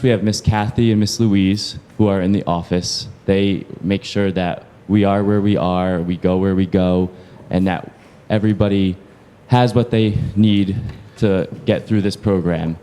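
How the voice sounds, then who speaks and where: A man organizing the program, thanking staff by name and calling them up to the stage. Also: on the low side. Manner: warm, listing names, inviting people up. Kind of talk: thank-you speech at an event. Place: large event hall at a university.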